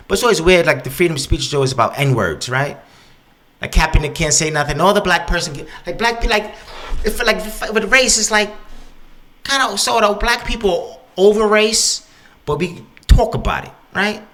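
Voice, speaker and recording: A man rants on his podcast, swearing freely and slipping into mock voices for the people he quotes. His voice sits a little high for a man. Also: normal speed. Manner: profane, animated, acts out quoted voices. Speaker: podcast host. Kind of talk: casual podcast rant.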